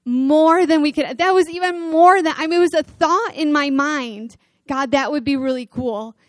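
A middle-aged woman with a high, bright voice gives a church testimony, chatty and animated. The sound is dry and close, with no room echo. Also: normal speed. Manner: chatty, animated storytelling with laughs and fillers. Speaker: mission team member sharing testimony.

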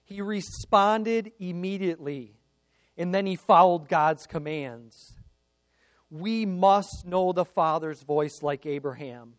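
A man delivers a sermon in a notably high voice at a slow, deliberate pace. His storytelling is earnest, swinging from emphatic peaks to quiet confessional passages. The sound is dry and close, with no room echo. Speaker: preacher.

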